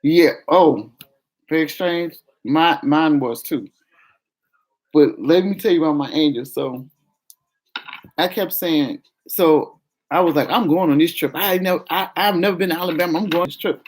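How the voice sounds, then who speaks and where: A woman telling a personal story to her viewers in a casual chat, acting out the quoted voices by pitching up. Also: normal speed. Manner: animated, acts out quoted voices with raised pitch. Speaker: vlogger.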